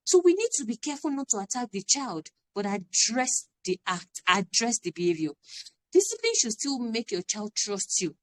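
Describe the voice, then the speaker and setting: A woman's voice: a little high, sing-song, moderate pace, a bit bright. A woman, giving an earnest, emphatic parenting talk on a live stream and repeating her key phrases. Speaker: parenting coach.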